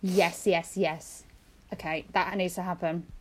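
A woman's voice: on the low side, level tone, crowd noise. Chatty woman podcast co-host. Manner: chatty, laughing, quick storyteller. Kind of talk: casual chat.

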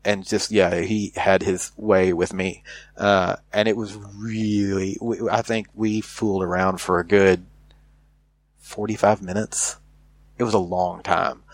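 A man's voice: deep voice, little pitch movement, unhurried, no room sound. An American man telling a candid story in casual chat, rambling with many fillers and restarts. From United States.

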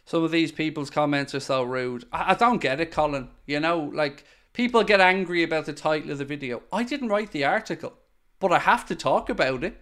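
A man's voice: a little high, brisk, fairly bright tone. A man hosting a casual live-stream podcast, answering viewer comments bluntly and swearing when worked up.

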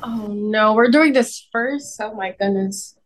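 A woman's voice: medium pitch, slow pace, a little hiss or hum. Giggly woman co-hosting a podcast. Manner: giggly, laughs often. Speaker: podcast co-host. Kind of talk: casual chat.

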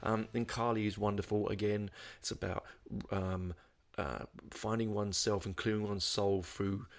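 A man's voice: fairly low pitch, steady tone, moderate pace. A man giving a casual album review, rambling and hesitant, with lots of ums and restarts. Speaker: music reviewer.

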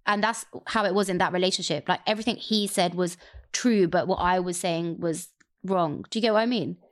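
A young woman telling a personal story candidly in a casual chat. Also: fairly low pitch. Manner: candid, rapid, expressive storytelling. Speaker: guest sharing a personal story.

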